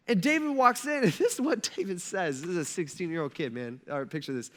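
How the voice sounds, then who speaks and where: A man's voice: high-pitched, lively intonation, fast talker, hardly any pauses. A young adult man, a pastor preaching a sermon in a casual, humorous storytelling way.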